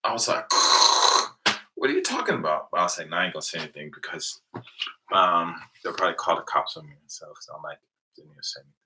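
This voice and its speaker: Late at night from home, an American livestream host in his thirties chats casually with viewers, telling rambling stories and laughing a lot. His voice sits low with big pitch swings, he talks fast, and the background is noisy.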